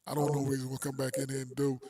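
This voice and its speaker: A man's voice: mid-range voice, monotone, very fast, warm tone, breathy edge. A man co-hosting a podcast, telling a story in loose, slangy casual chat and acting out the people in it. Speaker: podcast co-host.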